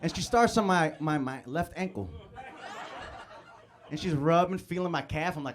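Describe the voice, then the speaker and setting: A slightly high-pitched man performs stand-up into a handheld mic on a comedy club stage. He tells his stories in an animated way and acts out the scenes as he goes. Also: moderate pace, pauses often, a crowd in the background. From born in the Philippines, grew up in Chicago. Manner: animated storytelling, acting out scenes. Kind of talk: live stand-up set.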